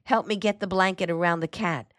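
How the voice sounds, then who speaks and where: A woman's voice: lowish voice, fairly even intonation, brisk, a bit bright, dry recording, clean studio sound, pitched above the performer's own voice, natural voice. A woman voicing a worried, tender young woman fretting over a sick kitten. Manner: worried, soothing.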